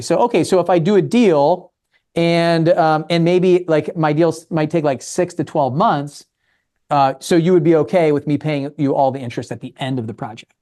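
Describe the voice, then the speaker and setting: A man's voice: on the high side, normal speed, mellow. A man from Maryland giving a casual real estate talk, acting out both sides of conversations with investors. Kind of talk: casual talk with acted dialogue.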